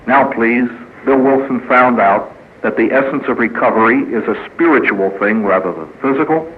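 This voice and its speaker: At normal speed and in a mid-range voice, a priest shares folksy stories, jokes and acted quotes in a humorous speaker talk at a recovery meeting. A live audience listens in a meeting hall. The recording is narrow and tinny, with a little hiss or hum.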